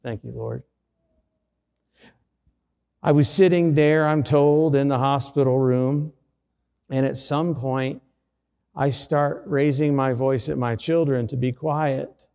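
A man's voice: medium pitch, steady tone, unhurried, vocal fry, darkish tone, in a large hall. A middle-aged man, a pastor, preaching a sermon through a personal story with self-deprecating humor.

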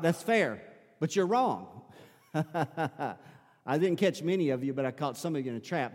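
A man's voice: on the high side, a little mellow. A man preaching a sermon in a church, earnest and often repeating words as he presses a point. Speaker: pastor. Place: church sanctuary. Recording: long hall reverb.

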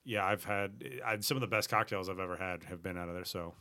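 Male, bright lowish voice, loose rambling talker. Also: fairly even intonation, quick pace. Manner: rambling storyteller, many fillers. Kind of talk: casual chat.

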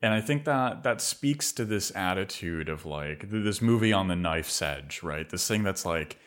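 This man co-hosts a podcast and rambles through a casual film discussion, packing his talk with filler words. His voice is low and fairly bright, with lively intonation and a moderate pace.

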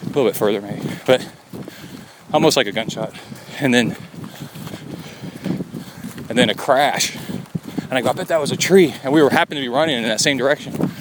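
A man's voice: medium pitch, normal speed, long pauses. Middle-aged man rambling on a trail. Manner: rambling storyteller, chuckling often. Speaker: podcast host. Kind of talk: casual on-the-go recording. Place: outdoors on a forest trail. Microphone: handheld recorder carried on a run. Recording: outdoor field recording with steady noise.

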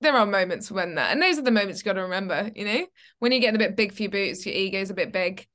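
A woman's voice: medium pitch, fast talker. Chatty young woman co-hosting a faith podcast. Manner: animated storytelling, acts out her own reactions. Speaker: podcast co-host. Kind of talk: casual Christian chat.

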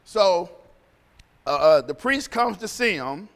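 A man's voice: sits high, animated, takes it slowly, gravelly, in a large hall. A male pastor preaching a sermon in a conversational, storytelling way, often repeating phrases.

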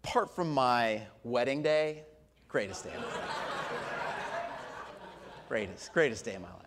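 A man in his forties preaching a sermon as a pastor, telling a story with animated swings from loud to hushed. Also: mid-range voice, unhurried, background noise.

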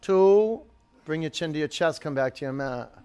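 A man with a slightly higher voice leads a yoga class, calling poses and counting each hold down from five. He coaches his students by name and urges them on through the hard moves. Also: normal speed, a little mellow, clean tone. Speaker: yoga teacher. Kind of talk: instructing a live yoga class.

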